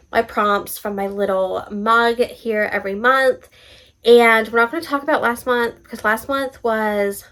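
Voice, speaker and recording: A young woman hosting a casual book vlog, bubbly and excitable, often laughing at herself. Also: mid-range voice, poor audio. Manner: bubbly, excitable, self-mocking. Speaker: booktube host.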